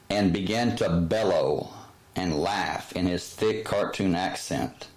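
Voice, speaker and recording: A man's voice: sits low, slow, long pauses, darkish tone, poor audio. A man hosting his own channel, giving a heated, sarcastic opinion monologue full of fillers and restarts. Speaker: channel host.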